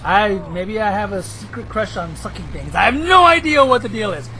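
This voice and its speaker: A hoarse man giving rambling, excitable commentary over his own gameplay footage, now and then bursting into shouts. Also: high voice, moderate pace, a little hiss or hum, poor audio. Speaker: gameplay video host.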